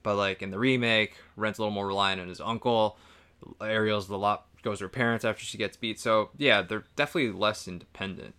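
A man from the US East Coast co-hosts a casual podcast reviewing films, animated and laughing often, mimicking lines in a raised voice. His voice is lowish, fairly quick, and clean in tone.

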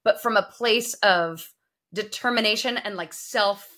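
A woman's voice: mid-range voice, a little slow, sharp tone. A woman hosting a faith-based podcast, encouraging her guest with frequent affirming murmurs and explaining her teaching as she talks. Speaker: podcast host.

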